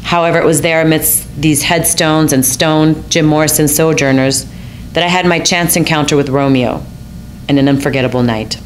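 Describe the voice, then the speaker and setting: A woman's voice: low voice, fairly even intonation, moderate pace, slight background noise. An American woman telling a personal story in a wry, self-mocking, theatrical manner. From United States.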